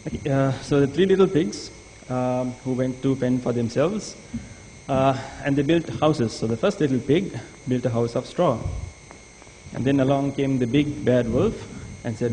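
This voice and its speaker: A man's voice: mid-range voice, normal speed, warm tone. A man from the audience retelling a story on the spot, hesitant and full of fillers. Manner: hesitant, many fillers and restarts. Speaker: audience volunteer. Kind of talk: impromptu storytelling. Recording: reverberant hall, faint noise.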